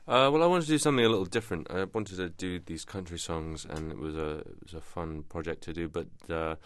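A young English man with a very low, gravelly voice answers questions loosely, trailing off and restarting often. He sounds close and dry on a studio mic, with no room around him. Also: fast talker, no room sound. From London, England. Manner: relaxed, hesitant, many restarts and fillers. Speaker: musician guest. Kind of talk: casual interview answers. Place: radio studio. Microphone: studio microphone.

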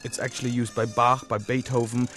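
A man's voice: mid-range voice, little pitch movement, a little fast, fairly bright tone. A man, a violinist guest, chatting casually in a studio interview, rambling with many fillers and self-corrections. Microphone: studio mic.

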